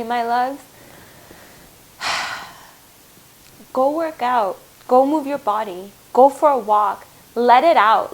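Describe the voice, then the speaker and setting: A woman's voice: fairly high pitch, rough recording. A woman giving a heartfelt spiritual tarot reading, earnest and reassuring, speaking to viewers as her loves. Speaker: tarot reader.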